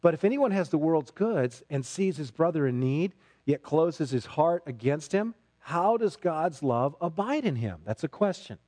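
A man preaching a sermon as a pastor, emphatic, dropping low and rising to loud, intense stretches. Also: very animated, moderate pace, few pauses. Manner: emphatic, swings between quiet and loud.

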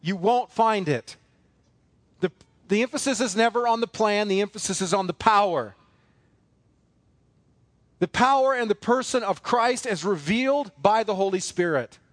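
A man's voice: high-pitched, expressive, moderate pace, pauses often, dry recording. A man preaching a sermon as pastor, emphatic and repetitive, with many rhetorical questions.

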